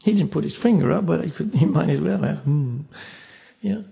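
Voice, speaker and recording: A man with a fairly high, gravelly voice gives a spiritual class lecture. He talks in a loose, conversational way, keeps adding "you see" and plays out short back-and-forth dialogues as he teaches. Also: fast talker, mellow. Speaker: meditation teacher. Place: meditation class room.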